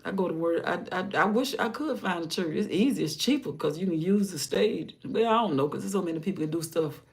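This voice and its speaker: An older grandmother hosting a live stream, talking in a rambling, casual way about her day and her faith, often sinking into soft murmurs. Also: on the low side, animated, brisk. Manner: rambling, warm-hearted, drifts into soft murmurs. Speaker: livestream host.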